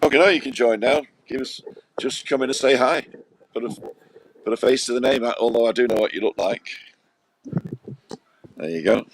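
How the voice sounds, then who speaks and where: A man's voice: mid-range voice, moderate pace, pauses often. A man hosting a casual live stream, joking and reading viewer comments, close to a podcast microphone. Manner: jokey, reads viewer comments aloud. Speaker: live show host. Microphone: podcast mic close up.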